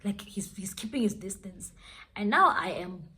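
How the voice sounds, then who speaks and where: A woman's voice: mid-range voice, animated, normal speed, bright, forceful tone. A young woman telling a dramatic storytime vlog, switching languages as she goes. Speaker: vlogger. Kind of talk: storytime vlog, casual chat.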